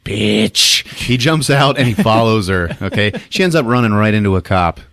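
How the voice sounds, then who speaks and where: A male podcast host giving a comedic, profane movie recap as an animated, laughing storyteller. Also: on the low side, a little fast, no echo, studio quality.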